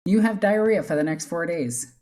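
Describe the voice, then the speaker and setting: A woman's voice: fairly low pitch, lively intonation, moderate pace, warm tone. A woman running a tabletop game as game master, easygoing and often laughing.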